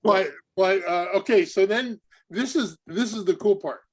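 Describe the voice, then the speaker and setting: Brief: male podcast host, notably high pitch, playful and chatty with his guest. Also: husky. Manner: joking, quick reactions. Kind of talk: casual podcast interview.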